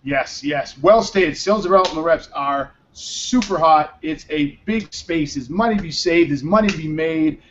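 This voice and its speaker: Tired male host, high-pitched and loose, rambling with a bit of profanity, muffled lo-fi stream sound. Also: normal speed, few pauses, a little hiss or hum. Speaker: show host. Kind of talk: casual live web show chat. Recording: dull lo-fi stream audio.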